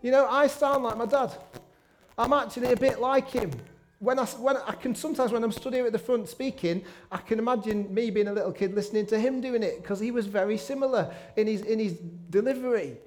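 High-voiced preacher, chatty. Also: male voice, a little fast. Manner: conversational, with self-deprecating asides. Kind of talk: sermon. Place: church meeting room.

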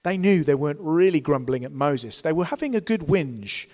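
A man preaching a sermon with a fairly high voice, earnest and full of rhetorical questions. He acts out complaining voices by pitching up. The recording carries a long hall reverb. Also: expressive, normal speed, a little mellow. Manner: earnest, rhetorical questions, voices the grumbling crowd in raised tones.

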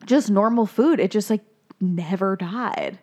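A woman's voice: mid-range voice, a little slow, a little mellow, slight background noise. A woman co-hosting a podcast, chatting casually as she recaps a film, swearing freely and briefly acting out characters' lines. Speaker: podcast co-host.

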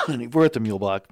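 A man, a filmmaker, chatting casually on a podcast and telling lively anecdotes. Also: mid-range voice, no room sound, studio quality. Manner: enthusiastic storyteller, impersonates people in quotes.

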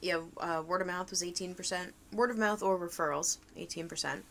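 A woman's voice: on the low side, fairly even intonation, a little fast, creaky, a loud crowd. A woman co-hosting a casual podcast, reading out survey figures and teasing her guest.

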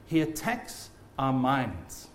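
A man preaching a sermon in an earnest, animated way. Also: medium pitch, slow, a little hiss or hum.

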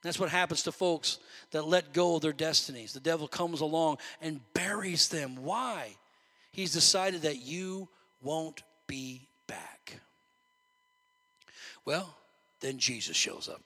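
A man preaching in a church sanctuary with a high, bright voice. His delivery is animated and climbs toward near shouts at its peaks. The sound carries the long reverb of a large hall. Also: slow. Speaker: pastor. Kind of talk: sermon.

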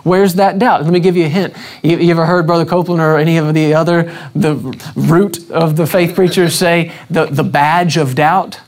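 A man's voice: on the high side, fairly even intonation, moderate pace, few pauses. A man preaching a sermon, repeating questions to his congregation with emphatic restarts.

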